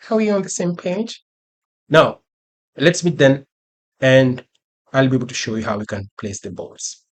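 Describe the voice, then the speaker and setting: Husky-voiced man teaching a software tutorial. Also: medium pitch. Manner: chatty, repeats phrases, playful asides. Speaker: instructor. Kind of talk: screen-recorded software tutorial.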